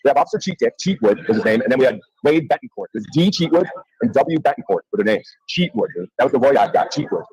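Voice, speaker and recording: A man talking fast and swearing a lot as he tells a story, acting out what people said. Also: medium pitch, expressive, darkish tone, husky, dry recording, highs cut off. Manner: rapid, profane, acts out quotes. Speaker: guest telling a story. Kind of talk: casual chat, storytelling.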